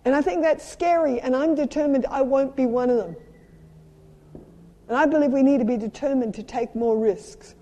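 A middle-aged woman with a South African accent, preaching a sermon as a traveling minister, moving between lively personal stories and emphatic urging. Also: sits high, moderate pace. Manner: animated storytelling with playful sound effects and emphatic exhortation. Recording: long hall reverb.

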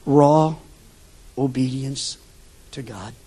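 An older man preaching a sermon as a pastor, telling stories with sudden shifts between loud bursts and hushed asides. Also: mid-range voice, drawn-out words.

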